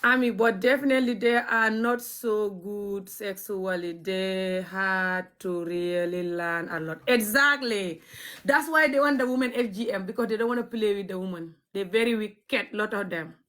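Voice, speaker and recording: A woman's voice: medium pitch, normal speed, fairly bright tone. A woman from Gambia with a Gambian accent, chatting casually to her viewers, blunt and cheeky and often breaking into laughter. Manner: cheeky, frank and outspoken. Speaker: vlogger. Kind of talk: casual storytelling chat.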